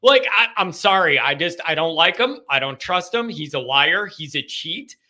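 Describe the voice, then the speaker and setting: High, bright-voiced man ranting bluntly. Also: expressive, moderate pace. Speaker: show host. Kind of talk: live call-in sports talk.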